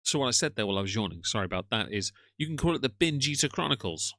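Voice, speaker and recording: A man's voice: medium pitch, big pitch swings, very fast, sharp tone. A man streaming live, commenting on another streamer's content in a sarcastic, lecturing tone, and tired.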